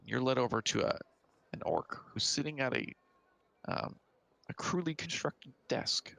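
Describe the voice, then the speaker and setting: Man, game master, gravelly low voice, bright tone, dry close sound, halting narration. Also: big pitch swings, no echo. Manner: halting, hesitant narration with many fillers.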